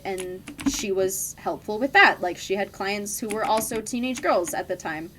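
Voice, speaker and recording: A woman's voice: mid-range voice, slight background noise. A woman in her twenties chatting candidly while streaming a game, full of "like" fillers. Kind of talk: casual chat while gaming.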